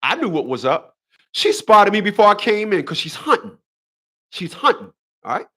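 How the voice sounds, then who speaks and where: A man's voice: high-pitched, sing-song, normal speed, bright, forceful tone. A man in his fifties hosting a casual livestream monologue, emphatic and preachy, often repeating his phrases. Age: 50s. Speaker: host.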